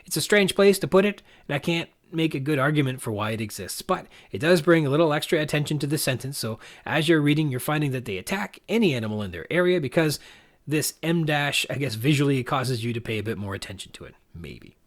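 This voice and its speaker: A male podcast host unpacks a book passage by passage, his pitch rising and falling with plenty of movement. He sounds measured and thoughtful, weighing each point as he goes. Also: lively intonation. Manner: measured, reflective, analytical reading. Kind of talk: literary analysis podcast.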